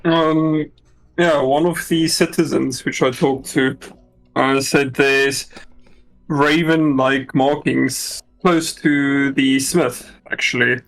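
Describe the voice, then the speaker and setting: A man playing a character in a live tabletop game, hesitant and soft-spoken. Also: medium pitch, steady tone, slow, creaky, faint music behind. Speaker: player.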